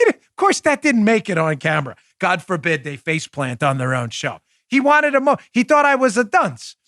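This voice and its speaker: An emphatic male podcast host talks into a close mic. His voice sits high and the sound is dry. He stays sarcastic and argumentative throughout. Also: big pitch swings, normal speed, fairly bright tone, no room sound. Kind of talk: animated political commentary.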